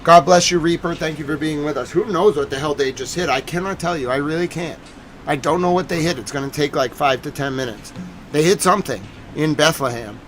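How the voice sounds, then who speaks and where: A man's voice: on the high side, brisk, fairly bright tone, a little hiss or hum. A man giving live-streamed commentary on breaking news, agitated and emphatic, repeating his points.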